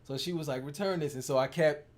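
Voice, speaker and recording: A man's voice: medium pitch, fairly even intonation, quick pace. A man chatting casually and playfully as co-host, telling stories and acting out quotes. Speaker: co-host, partner of the coach. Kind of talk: casual chat.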